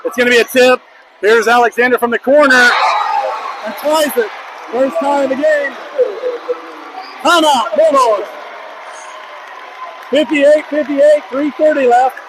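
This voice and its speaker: A man calling a high school basketball game play-by-play, excitable and openly rooting for the home team. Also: measured pace, pauses often. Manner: excitable, openly biased toward the home team, shouts on big plays. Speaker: play-by-play commentator. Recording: noisy gym crowd behind. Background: crowd noise.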